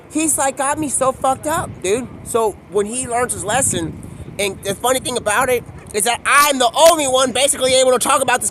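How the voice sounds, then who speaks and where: A young man in a rambling, profane monologue, excitable and jumping between mumbled asides and loud outbursts. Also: very high voice, a little hiss or hum.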